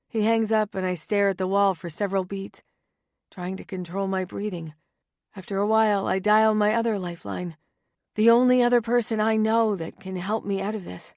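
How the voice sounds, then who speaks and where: A woman narrating a first-person romance audiobook in a wry, anxious and often hushed manner, on a close studio mic. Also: medium pitch, steady tone, moderate pace, dry recording.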